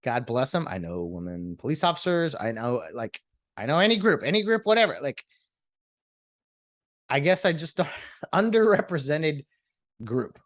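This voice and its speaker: A man talks alone on his podcast, rambling and sarcastic as he hops from one topic to the next. His pitch jumps all over the place, and the sound is dry and close, with no room around it. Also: sing-song, normal speed, pauses often, a bit bright, no room sound. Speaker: podcast host. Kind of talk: solo podcast monologue.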